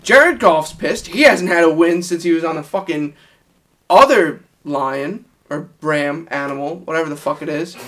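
A man with a high voice co-hosts a casual sports betting podcast. He is blunt and jokes around with plenty of swearing. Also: normal speed, fairly bright tone. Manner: blunt, profane, joking. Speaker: podcast co-host.

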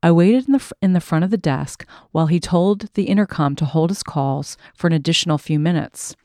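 A woman reads her memoir aloud as an audiobook, in a wry and measured way. Her voice sits a little low. The recording is dry and close, with no room sound. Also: mellow, no room sound. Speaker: memoir narrator.

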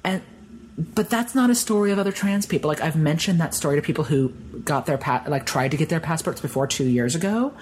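A man guest on a podcast, telling personal stories in a rambling, animated way full of "like". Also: a little high, fairly quick, slight background noise, low-quality recording. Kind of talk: conversational storytelling.

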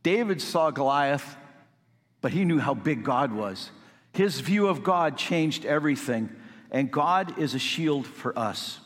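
A male pastor delivering a sermon, building from calm explanation to fervent emphasis. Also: a little high, a little slow. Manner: preaching, rising to fervent emphasis. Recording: long hall reverb.

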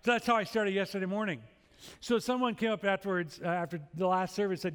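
A man's voice: high-pitched, steady tone, quick pace, a bit bright, clean tone. A middle-aged male pastor preaching a sermon, telling a story with humorous, self-deprecating asides. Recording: long hall reverb.

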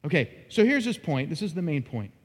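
A man preaching an expository sermon as pastor, animated and dramatic, acting out quoted lines with sudden rises in his voice. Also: a little high, fairly quick, breathy edge. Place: church sanctuary. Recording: long hall reverb.

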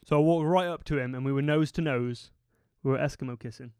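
A man's voice: mid-range voice, fast talker, darkish tone, clear, resonant tone, no echo, studio quality. A young man telling a self-mocking story in casual chat among friends. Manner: rambling, self-mocking, laughs at his own story. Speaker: podcast guest.

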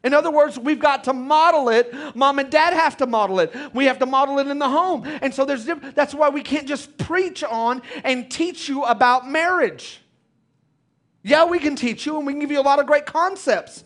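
A man with a very high voice preaches with energy, urging his congregation to respond. He drives his points home with repetition. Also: moderate pace. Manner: animated preacher, calls out to congregation. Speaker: pastor. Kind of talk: sermon.

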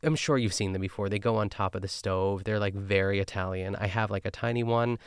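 A man with a low, smooth voice talks casually as a podcast host, recapping a cooking episode. He rambles with lots of fillers and animated asides. The recording is dry and close. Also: a little fast, no room sound. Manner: chatty, filler-heavy, animated.

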